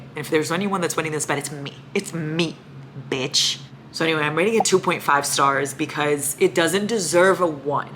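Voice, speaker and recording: Young adult woman, lowish voice, animated book-vlog ranter, faint room noise. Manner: animated, ranting, swears freely. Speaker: book vlogger. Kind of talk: casual reading vlog chat.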